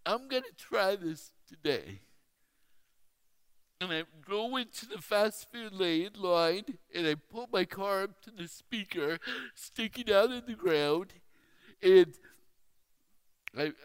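Slow-spoken man with hard-to-understand speech. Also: sits high, clean tone. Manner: slow, deliberate, pausing storyteller. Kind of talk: sermon storytelling.

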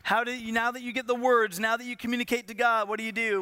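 High, bright-voiced preaching pastor. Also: male voice, little pitch movement, quick pace, smooth, no echo. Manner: preaching with rising intensity and rhetorical questions. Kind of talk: sermon.

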